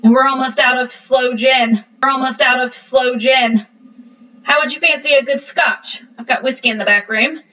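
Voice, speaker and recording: A woman's voice: sits high, steady tone, normal speed, pushed and bright, distant mic, dull audio, voice pushed up. A woman voicing a sly, greedy old male shopkeeper who talks in a wheedling, muttering way, in a storybook reading.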